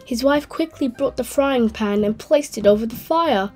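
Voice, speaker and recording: A woman hosting a channel and reading a children's story aloud in a gentle, clear way. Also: fairly high pitch, normal speed, faint music behind. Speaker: host and storyteller.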